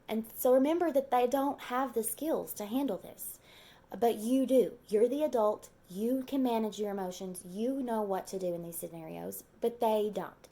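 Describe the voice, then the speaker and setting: A woman teacher giving parenting advice in a calm, measured way, repeating key phrases with frequent ums. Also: mid-range voice.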